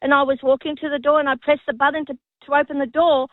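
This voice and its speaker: A woman's voice: sits high, flat delivery, fast talker, no room sound. A woman calling into a radio show, telling a story in a sheepish, tumbling way over the phone. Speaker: caller. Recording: tinny phone line.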